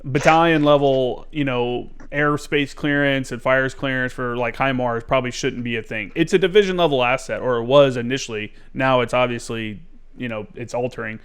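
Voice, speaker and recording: A man hosting a podcast, telling stories in an animated, casual way and swearing freely. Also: medium pitch, normal speed, clear, resonant tone. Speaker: podcast host. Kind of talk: casual conversation.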